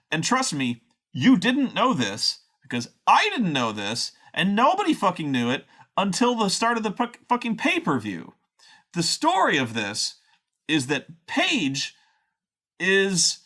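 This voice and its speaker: A man delivers a sarcastic, profane rant with plenty of exasperation. His voice is bright and sharp-edged. It sits a little high and swings widely in pitch as he vents. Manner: sarcastic, exasperated, swears a lot. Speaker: wrestling show reviewer. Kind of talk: profane ranting commentary.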